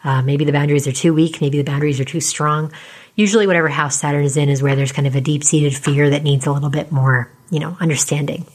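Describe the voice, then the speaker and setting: A woman astrologer in casual explanatory talk, chatty with lots of fillers and tag questions, speaking quietly as she starts to lose her voice. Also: deep voice, fairly even intonation, fast talker. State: losing her voice.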